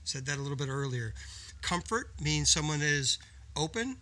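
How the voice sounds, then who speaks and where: On a casual business podcast, this male co-host speaks at a normal speed in a fairly high, expressive voice with a sharp edge. He explains things emphatically, like a coach, and often caps his points with "right?"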